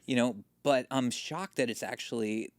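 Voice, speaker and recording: A man's voice: medium pitch, moderate pace, clean tone, no room sound. A man, a pastor, in casual podcast chat, making dry, wry quips. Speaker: creative pastor.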